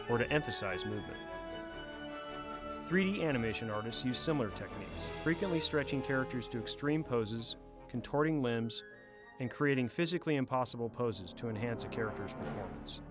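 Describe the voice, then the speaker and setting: A man reading scripted featurette narration in a smooth, informative way. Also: medium pitch. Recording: narration over music.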